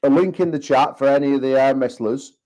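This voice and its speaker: A British man running a casual livestream chat, bantering with quick asides and doubling back on his words as he goes. His voice sits at an ordinary middle pitch for a man. He sounds like a promoter talking straight to his audience. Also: fairly even intonation, darkish tone. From United Kingdom. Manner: banter-heavy, repeats himself, quick joking asides. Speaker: arm wrestling promoter and show host.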